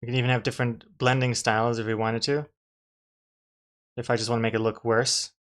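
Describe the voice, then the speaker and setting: A man's voice: medium pitch, little pitch movement, a little fast, a bit bright. A man, a comic artist, chatting casually to his live-stream viewers while drawing, rambling and restarting his sentences with dry jokes.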